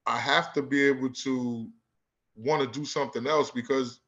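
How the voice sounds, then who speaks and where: A man's voice: medium pitch, fairly even intonation, normal speed, fairly bright tone, muffled recording. A man from Newark who coaches basketball, telling a story in a casual conversation with plenty of "you know what I'm saying.". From Newark, New Jersey. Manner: laid-back street talk, lots of "you know what I'm saying".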